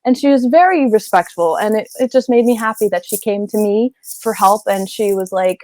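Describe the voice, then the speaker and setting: A woman's voice: mid-range voice, moderate pace, hardly any pauses, a little mellow, no echo. A woman voice actress chatting in an interview, giggly and rambling, wandering off on tangents from a home closet booth. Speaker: guest voice actress. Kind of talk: casual interview chat.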